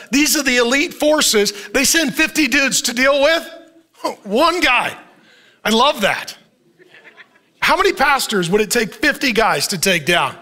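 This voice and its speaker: A male pastor preaching with a strikingly high voice that swoops lively up and down. He tells the story with animated humor and frequent chuckles. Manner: chuckles often while preaching. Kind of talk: sermon.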